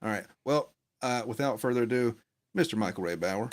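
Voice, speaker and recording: A man hosting a live interview stream in casual chat, with a monotone, dry, offhand delivery. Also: mid-range voice, brisk. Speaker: host.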